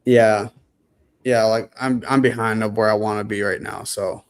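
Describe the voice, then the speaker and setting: A man's voice: on the low side, steady tone, normal speed, clear, resonant tone. A young man in casual chat about his real estate deals, slangy, laughing often and swearing freely.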